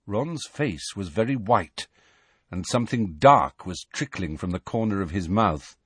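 A man's voice: fairly low pitch, animated, unhurried, fairly bright tone, breathy edge, no echo. A man narrating a fantasy novel as an audiobook, telling the tense story with expression. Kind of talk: scripted narration.

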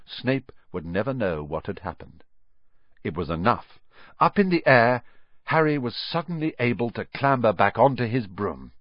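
A man narrating a storybook in a highly expressive way, with a dull, dry recording. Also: moderate pace, no room sound. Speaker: audiobook narrator.

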